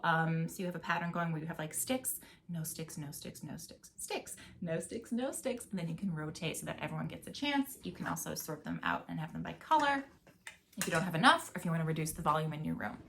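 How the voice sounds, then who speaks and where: A young adult woman talks like a music teacher explaining things on camera. She is chatty and upbeat, and she breaks into chanted rhythm words now and then. Her voice sits at a middle pitch. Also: a bit bright, a little hiss or hum. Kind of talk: casual video lesson.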